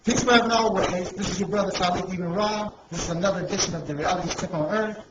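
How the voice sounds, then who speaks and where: A man's voice: high voice, quick pace. A man hosting a casual video interview, emotional and saying he is choked up and nervous. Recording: echoey with loud background noise.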